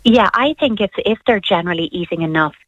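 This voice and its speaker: A woman speaking as a parenting expert on a radio talk show, explaining advice calmly and practically. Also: medium pitch, fast, no room sound. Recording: dull lo-fi radio sound.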